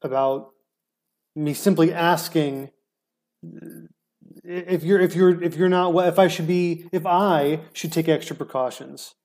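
Defensive stammering man with a mellow voice. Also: a little high, measured pace. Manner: defensive, stammering restarts, sarcastic. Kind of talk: casual argumentative banter. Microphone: remote call mic.

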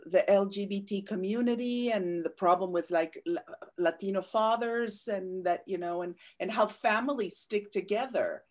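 A woman's voice: mid-range voice, moderate pace, a little mellow. A woman actress chatting on a panel in an enthusiastic, emphatic way. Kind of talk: casual panel chat.

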